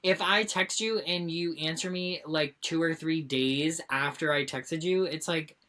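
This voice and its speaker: Bright, animated woman co-host. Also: deep voice, unhurried. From Central Massachusetts. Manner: animated, acts out exasperated quotes. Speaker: podcast co-host. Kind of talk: casual chat.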